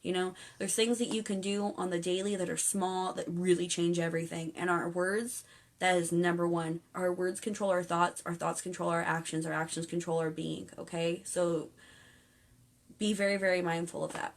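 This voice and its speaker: A young woman hosts a casual spiritual livestream from home on a phone or webcam, rambling along as she chats earnestly and reads viewers' comments aloud. Her encouragement is earnest and coaxing. She speaks at normal speed in a fairly low voice with little pitch movement and some vocal fry.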